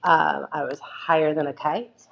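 A woman's voice: sits low, fairly even intonation, unhurried, vocal fry, fairly bright tone, highs cut off, slight background noise. Candid woman telling her recovery story. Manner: candid, rambling with many fillers and restarts. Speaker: AA speaker sharing her story. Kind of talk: personal testimony talk.

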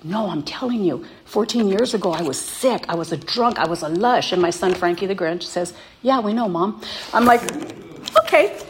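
A middle-aged woman giving a personal testimony as a speaker at a recovery meeting. She tells her story in a lively way and acts out her own reactions when she quotes herself. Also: medium pitch, moderate pace, a little hiss or hum.

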